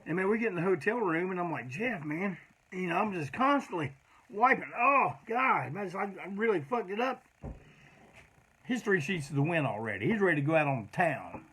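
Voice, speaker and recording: Husky-voiced man spinning rambling road stories. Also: high-pitched, big pitch swings, a little fast, bright, forceful tone. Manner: rambling, profane, peppered with "man". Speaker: punk band singer telling road stories. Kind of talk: casual storytelling monologue.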